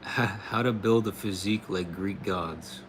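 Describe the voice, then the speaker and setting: A man's voice: fairly low pitch, a little slow, slight background noise. An American man hosting a casual livestream, reading out chat comments in a laid-back way, laughing often and calling people "bro" and "dude". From United States. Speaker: livestream host answering chat.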